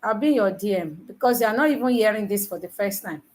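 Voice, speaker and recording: A woman tutoring nurses in a live online lesson, teasing her students and quizzing them with repeated questions, counting aloud slowly. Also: medium pitch, lively intonation, darkish tone. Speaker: nursing exam tutor.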